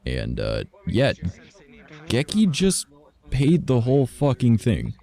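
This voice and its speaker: A man talking casually on a live stream, excitable and swearing a lot, into a headset mic. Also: mid-range voice, slow pace, gravelly.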